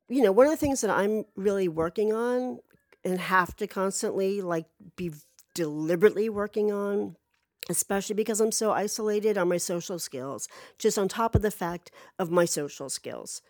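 A woman's voice: medium pitch, a little mellow, no echo. A woman casually telling a personal story, rambling with many fillers and restarts and swearing freely.

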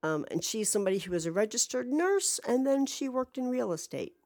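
A woman's voice: on the high side, expressive, fairly quick, a little mellow. A woman hosting a podcast, talking through a rambling, candid, self-deprecating personal monologue with a jaded-sounding voice and some swearing. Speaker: podcast host.

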